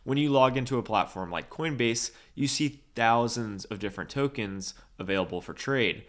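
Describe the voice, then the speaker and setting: A man with a fairly low voice reads a scripted explainer. His delivery is measured and steady, like a host walking viewers through a topic.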